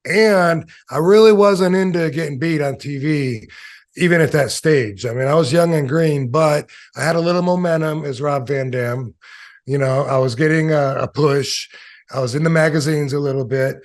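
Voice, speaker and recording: Man telling rambling stories, slightly high. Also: normal speed. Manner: rambling anecdotes with many fillers; acts out quoted voices in stories. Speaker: interview guest, former wrestler. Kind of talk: casual storytelling interview.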